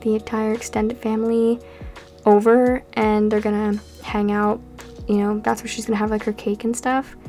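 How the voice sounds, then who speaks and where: A tired nineteen-year-old woman from Canada rambles through a casual chat over a game build. Her voice sits a little high with a gravelly fry. Soft music plays underneath. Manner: rambling and chatty, with frequent fillers. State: tired and a bit out of breath. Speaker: Sims builder and YouTuber. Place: home room during a storm. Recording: background music.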